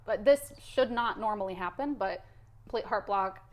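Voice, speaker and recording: A woman in her thirties tells a hard work story with feeling, her voice sitting in a middle pitch. She talks candidly and with energy, like a guest opening up in a relaxed interview. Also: moderate pace. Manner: emotional, candid, animated storytelling. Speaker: guest, cath lab nurse.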